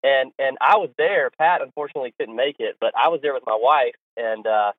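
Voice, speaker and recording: A man's voice: mid-range voice, fairly quick, no room sound. A man in a mid-range voice hosting a podcast, chatting casually and often restarting his sentences. His voice comes through a narrow phone line. The sound is dry and close. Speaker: podcast host. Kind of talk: casual chat.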